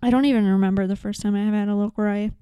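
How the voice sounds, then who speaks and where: A woman's voice: mid-range voice, steady tone, very fast, warm tone, clean tone, no room sound, studio quality. A woman co-hosting a podcast in casual chat, laid-back and wry, with many short agreeing replies. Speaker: podcast co-host.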